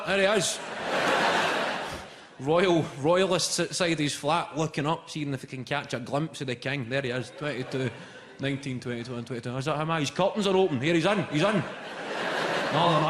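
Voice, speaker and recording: A Scottish man of around forty doing stand-up comedy, telling animated, sweary stories and slipping into other people's voices. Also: a little high, very noisy. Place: comedy venue stage with a live audience. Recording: echoey live venue, loud crowd laughter.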